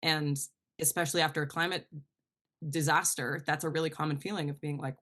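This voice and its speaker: A young woman from New Jersey, a climate educator speaking earnestly in an interview, lively when quoting others. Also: low-pitched, a little fast. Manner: earnest, animated storytelling with quoted asides. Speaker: guest, climate educator and show host. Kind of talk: conversational interview.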